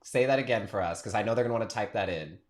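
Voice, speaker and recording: A man's voice: fairly low pitch, rapid-fire. A man hosting a podcast, enthusiastic and playful, speaking directly to his listeners. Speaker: podcast host. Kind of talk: casual podcast interview.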